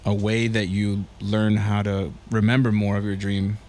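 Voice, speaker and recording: A man co-hosting a podcast in casual chat, speaking in a halting way with small restarts. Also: on the low side, level tone, darkish tone, a little hiss or hum. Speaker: podcast co-host.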